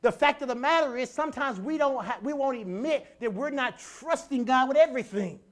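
A pastor preaching a sermon in a colloquial, emphatic way, repeating key lines, stammering on restarts and swinging from quiet asides to loud passages. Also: high-pitched, fairly quick.

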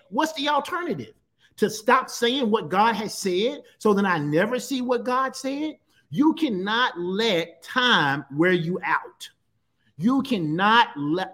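High-voiced man preaching with emphasis. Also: expressive, moderate pace, bright, forceful tone. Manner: emphatic preaching, repeats and stretches key phrases. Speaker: pastor. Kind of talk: sermon.

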